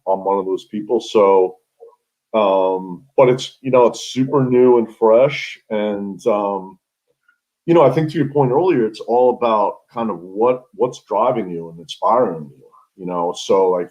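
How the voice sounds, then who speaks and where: A man, a guest telling his story in a relaxed, rambling way in a casual interview. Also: on the low side. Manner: relaxed, rambling, many restarts. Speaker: guest, sports business founder. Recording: dull lo-fi call audio.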